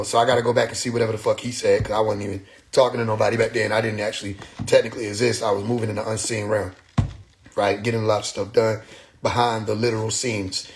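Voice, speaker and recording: A man's voice: fairly low pitch, slight background noise. Rambling man livestreaming on his phone. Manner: loose, rambling, swears freely, slips into quoting others. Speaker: livestream host. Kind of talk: casual livestream monologue. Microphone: phone mic.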